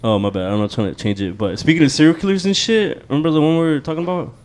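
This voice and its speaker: A man co-hosting a casual family podcast chat, talking quickly with plenty of swearing, his voice often dropping quiet at the end of a thought. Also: a little high. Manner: fast, profane, trails off quietly. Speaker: podcast co-host.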